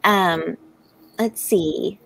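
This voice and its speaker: An American woman with a lowish, fairly bright voice speaks extremely slowly, with vocal fry. She hosts a live writing stream, chatting casually, laughing often, and reading viewer comments aloud. The audio is poor.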